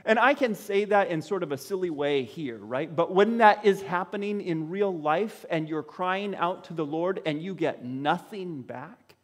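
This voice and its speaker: Recorded with the long echo of a big church hall, this preacher gives a sermon and performs the voices of Bible figures. He speaks in an expressive voice that sits high, unhurried and with hardly any pauses.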